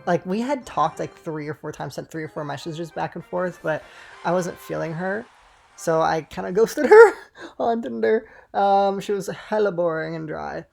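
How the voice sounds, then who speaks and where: A man's voice: high-pitched, animated, moderate pace, creaky, faint music behind. A man in his twenties telling a rambling, swear-filled story while playing a game, with frequent asides to viewers. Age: 20s. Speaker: gaming storyteller. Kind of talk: casual storytime over gameplay.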